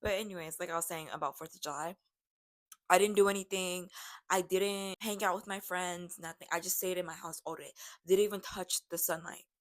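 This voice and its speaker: A young woman in her late teens, with a hoarse voice that sounds deep to her, chatting in a rambling, self-mocking way while she bakes for a vlog. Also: fairly even intonation, a little fast. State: hoarse from karaoke. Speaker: vlogger. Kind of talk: casual baking vlog chat.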